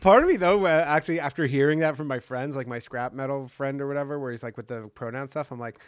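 A man's voice: medium pitch, fast talker, clean tone, no room sound, clean studio sound. A man co-hosting a podcast in laid-back, joking casual chat. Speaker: podcast co-host.

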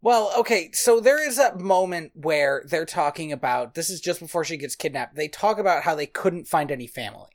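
Podcast co-host at a middle pitch, wry and sarcastic while recapping a film. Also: animated, fairly quick, hardly any pauses. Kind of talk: casual chat reviewing a film.

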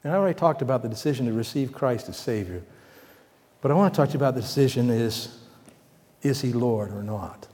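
A male pastor delivers a sermon in an easy, conversational manner, putting questions to the congregation and pushing his voice louder on key points. His tone is mellow and dark. The recording carries the long reverb of a large hall. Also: medium pitch, lively intonation, fast talker. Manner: conversational preaching, asks the congregation questions, swells louder for emphasis.

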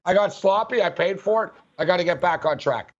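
High-voiced man hosting a betting show. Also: fairly quick, dull audio. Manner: loud, laughing, talks over others. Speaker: sports betting show host. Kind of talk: casual sports betting chat.

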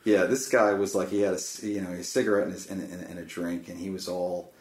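A man's voice: low voice, fairly even intonation, darkish tone. Earnest rambling man in a roomy space. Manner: earnest, rambling, halting with restarts. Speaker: guest. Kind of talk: casual storytelling chat. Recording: roomy echo.

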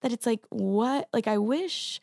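A woman stage actress chatting as an interview guest, telling stories in an animated way with quick restarts. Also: on the high side, no echo, studio quality. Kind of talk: casual interview chat.

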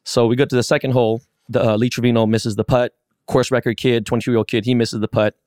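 Guy on a podcast rattling off a wild story quick, cussing a lot, dry close sound. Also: mid-range voice, clear, resonant tone, dry recording. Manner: animated, profane, acts out quotes. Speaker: podcast co-host. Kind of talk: casual storytelling.

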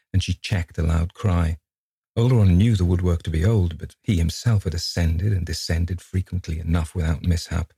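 A man narrating a ghost story in a measured, grave manner. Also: deep voice, creaky, warm tone, slightly rough, no room sound. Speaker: audiobook narrator.

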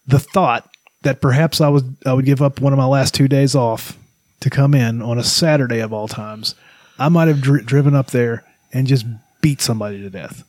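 A man's voice: medium pitch, normal speed, darkish tone, no echo. A man co-hosting a casual podcast who talks with dry, sardonic humor. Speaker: podcast co-host. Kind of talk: casual chat.

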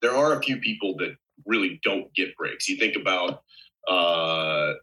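Very low-pitched man with a bright edge. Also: animated, unhurried, rough recording. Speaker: actor. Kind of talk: casual podcast chat.

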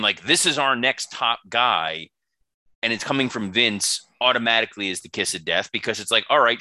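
A man co-hosting a podcast, laying out a confident, fast-moving argument with casual swearing. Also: fairly low pitch, pushed and bright, no echo. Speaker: podcast co-host. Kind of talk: podcast analysis.

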